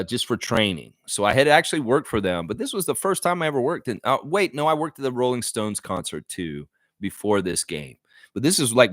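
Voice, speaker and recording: A man's voice: mid-range voice, no room sound, clean studio sound. A man hosting a casual sports livestream, rambling and reading out viewer comments. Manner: reads viewer comments aloud, rambling and animated. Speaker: livestream host.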